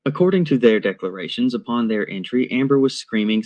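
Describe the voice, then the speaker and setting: A man reading a scripted commentary in a measured, deliberate and analytical way. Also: mid-range voice, lively intonation, a little mellow, dull audio.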